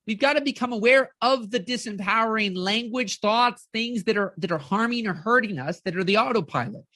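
A woman life coach giving an energetic live-streamed motivational talk, keeps checking in with her audience and acts out inner voices. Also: fairly high pitch, a little fast, dry recording, clean studio sound.

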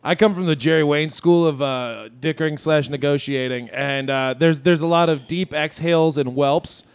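A man with a slightly high voice rambles through jokey stories on a podcast and slips into mock voices for the people he describes. The talk is loose, casual banter among friends. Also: normal speed, smooth. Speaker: podcast co-host. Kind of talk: casual chat.

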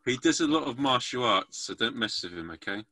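A man with a bright, forward voice hosts a comedy podcast over a video call. He rambles playfully and teases his guests. The sound is close and dry. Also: medium pitch, animated, fairly quick, no echo. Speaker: podcast host. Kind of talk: casual comedy podcast chat.

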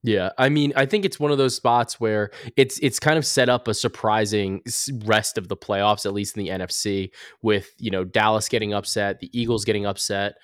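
A man's voice: on the low side, steady tone, moderate pace, hardly any pauses, no echo, clean studio sound. A man hosting a sports betting podcast, talking loosely and correcting himself as he goes. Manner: loose, rambling, self-correcting. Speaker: podcast host. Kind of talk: casual sports betting chat.

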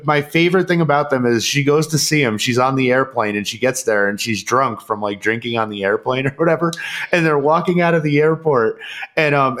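A man in casual chat, telling a story with lots of swearing and acting out what people said. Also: mid-range voice. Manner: animated storyteller, swears freely, acts out people's lines.

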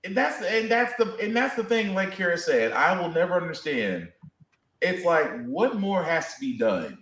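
High-voiced animated man in an echoey room. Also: normal speed. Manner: animated, emphatic storytelling. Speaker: podcast co-host. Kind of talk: casual chat.

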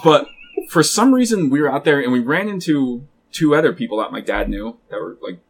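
A man's voice: on the high side, expressive, a little fast, slightly rough. A young man from Pennsylvania telling a rambling, profane story in casual chat, often breaking off mid-sentence. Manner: rambling, profane, self-interrupting.

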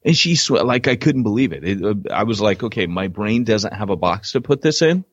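A middle-aged man co-hosts a podcast, chatting casually and teasing his partner with jokes as a lively storyteller. His voice is husky and fairly low, a little fast, recorded with no echo but with the highs cut off.

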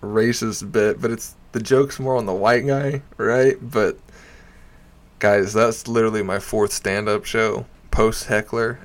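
A man with a lowish voice, in no rush, recounts a bar story casually and without much direction; he's an amateur stand-up comic. Swearing is frequent, "you know" and "like" keep cropping up, and he chuckles animatedly while telling it.

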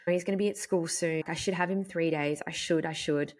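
A woman in her thirties, hosting a podcast and telling a personal story in a frank, animated way with casual swearing. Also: on the low side, brisk. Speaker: podcast host. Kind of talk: candid personal monologue.

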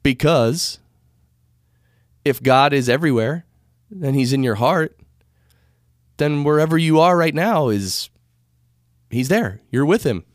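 The host, an American man, muses casually about spirituality in a rambling, self-correcting way. His slightly high voice has lively intonation, but he goes slowly and pauses often, captured cleanly on a studio microphone with no room sound.

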